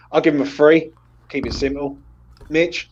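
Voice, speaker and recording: A man's voice: fairly high pitch, steady tone, unhurried, slightly rough, lo-fi sound. A man hosting a casual post-match chat, blunt and sweary as he leads the player ratings. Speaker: host of a football fan channel.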